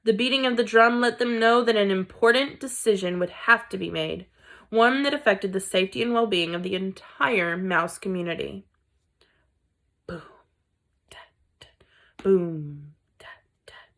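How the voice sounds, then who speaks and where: A woman reading a children's book aloud in a deliberate storytelling manner. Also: medium pitch, a bit bright. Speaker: reader.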